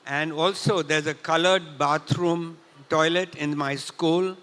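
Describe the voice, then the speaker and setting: An older man from Punjab tells a story at a festival talk, often clearing his throat. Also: fairly high pitch, fairly even intonation, fairly bright tone. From India, Punjab. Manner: clears throat often, unhurried anecdotal retelling. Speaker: festival speaker. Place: large hall at a literature festival. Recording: reverberant hall.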